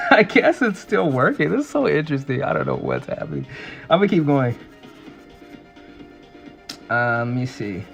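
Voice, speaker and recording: A man casually chatting and rambling excitably on a livestream while he draws. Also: medium pitch, normal speed, vocal fry, pauses often, faint music behind. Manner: rambling and excitable, full of fillers. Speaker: artist streaming a drawing session.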